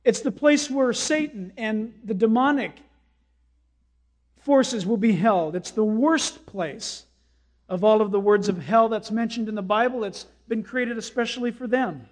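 Man, pastor, high voice, dramatic preaching, acts out quotes, shouts and hushes. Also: measured pace. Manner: dramatic preaching, acting out quotes with sudden shouts and drops to near-whispers. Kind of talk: sermon.

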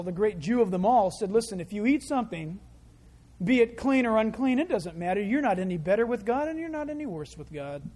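A male preacher giving a sermon, telling the story with lively, animated delivery that swings from loud to quiet. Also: high-pitched, breathy edge.

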